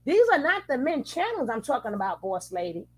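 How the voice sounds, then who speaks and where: A woman's voice: fairly high pitch, sing-song, brisk, husky, low-quality recording. A woman hosting a reaction commentary, speaking angrily with cursing and restarted phrases. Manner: angry, profane, restarts phrases. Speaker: reaction channel host.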